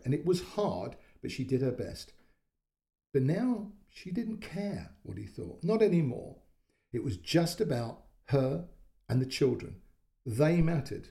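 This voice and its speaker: A man narrating a short story in a calm, measured way, giving voice to the quoted lines. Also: medium pitch, vocal fry. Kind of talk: audiobook-style story narration.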